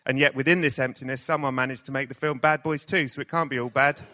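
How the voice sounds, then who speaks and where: A podcast host with a mid-range voice, steady yet sharp in tone and quick in pace, runs a live show on stage before an audience. He makes playful, joking introductions, and the recording has the reverberant sound of a live theatre.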